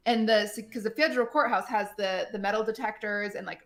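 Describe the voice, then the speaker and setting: A woman streamer in casual chat, telling a story in an animated way, full of fillers and acted-out quotes. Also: medium pitch, fairly quick, few pauses.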